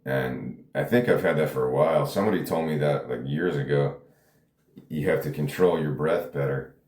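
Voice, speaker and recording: Very deep-voiced man rambling solo. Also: normal speed, a little mellow, reverberant. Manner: rambling, self-deprecating, laughs often. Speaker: podcast host. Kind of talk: casual solo monologue.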